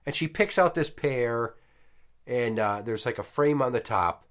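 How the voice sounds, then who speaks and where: At a measured pace and medium pitch, a man in his thirties tells a story at home for his podcast. It's casual storytelling, heavy on profanity and lively, acted-out quotes.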